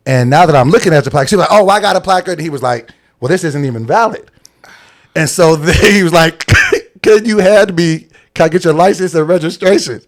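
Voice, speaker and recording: A man's voice: a little high, fairly quick. A young adult man telling a story in casual podcast chat, acting out quotes and laughing often. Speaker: podcast co-host.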